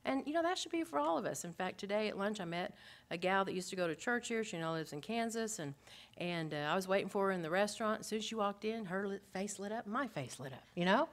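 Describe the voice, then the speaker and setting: Teaching a Bible lesson to a group of women, a pastor's wife speaks with earnest expressiveness, shifting between emphatic moments and softly spoken ones. She poses many rhetorical questions to her listeners. Her voice is mid-range and her speed normal.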